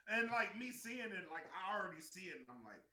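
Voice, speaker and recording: A man co-hosting a casual podcast, telling a story with animated energy and plenty of swearing. His voice is sharp and very bright, and it rises and falls widely. The room around him is roomy and echoey. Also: high-pitched, brisk. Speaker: podcast co-host. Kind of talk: casual chat.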